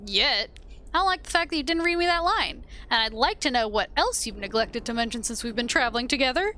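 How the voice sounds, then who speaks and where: A woman's voice: a little high, animated, a little fast, sharp tone, slight background noise. A woman reading the lines of a stern male wanderer with no memory, blunt and distrustful. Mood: suspicious. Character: stern scarred male wanderer who lost his memory, suspicious.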